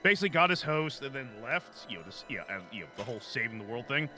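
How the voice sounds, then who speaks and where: A bright, forceful male voice that swings widely in pitch as he chats and jokes while building a model kit. He keeps up a playful, riffing banter. Soft music plays underneath. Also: fast. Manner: jokey, animated, riffing with quips. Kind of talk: casual chat while building.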